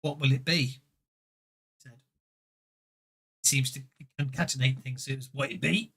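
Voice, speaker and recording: A man narrating as game master of a tabletop game, halting and amused. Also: mid-range voice, fairly even intonation, fairly bright tone. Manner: halting, self-interrupting, amused.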